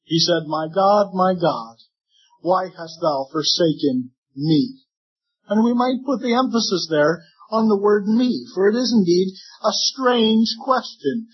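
Husky-voiced man preaching a sermon. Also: high voice, expressive, unhurried, dull audio. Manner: earnest preaching with voiced imagined objections. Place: church.

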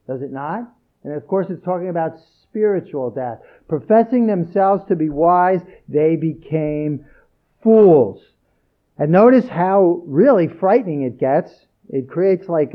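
Male preacher, higher voice, emphatic scripture reading, muffled low-fi audio. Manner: earnest, emphatic, repeats key phrases. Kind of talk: sermon.

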